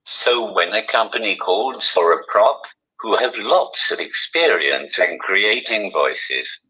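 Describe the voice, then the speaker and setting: A man, a comedian, talking through a communication aid with a posh-sounding synthesized voice, giving measured, dry answers. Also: deep voice, sharp tone, highs cut off. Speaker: guest comedian.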